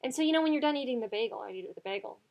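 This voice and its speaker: A woman's voice: a little high, animated, racing, creaky, lo-fi sound. A young woman telling rambling stories in a casual chat with a friend. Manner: chatty storyteller, rambling tangents. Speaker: co-host.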